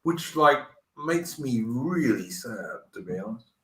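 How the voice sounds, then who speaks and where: A man's voice: mid-range voice, sing-song, slow. Roomy, distant middle-aged man ranting. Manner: emphatic, ranting. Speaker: stream host. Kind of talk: casual political chat.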